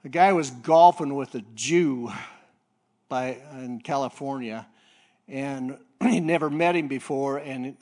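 A man preaching a sermon, telling a story with halting repeats and throat clearing, then climbing to loud excited peaks. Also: medium pitch.

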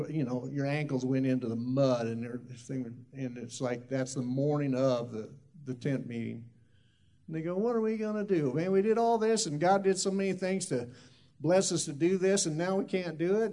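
A man's voice: a little high, a little mellow. A man who is a minister, telling a loose, rambling testimony story full of asides.

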